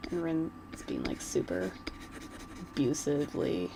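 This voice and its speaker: A woman's voice: on the low side, gravelly, noisy background. A woman vlogger chatting casually while she doodles, rambling and giggling like a gushing fan.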